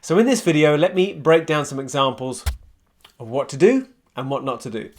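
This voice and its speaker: A man presenting a coaching video on virtual communication in a measured, emphatic way, recorded in a home office. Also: on the high side, lively intonation, a little mellow. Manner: measured, emphatic delivery with deliberate pauses. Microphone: switching between laptop, webcam and USB condenser mics.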